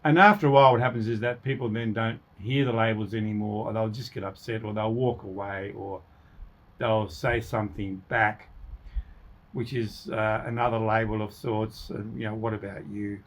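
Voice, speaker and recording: A man's voice: on the low side, steady tone, normal speed. Rambling male radio co-host. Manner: rambling, acts out quoted insults. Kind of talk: casual radio chat about conflict. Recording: radio studio.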